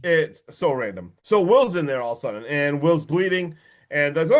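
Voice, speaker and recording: Excitable man recapping a horror film. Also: a little high, moderate pace. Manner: excitable, swears, acts out quotes from the film. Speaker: podcast host.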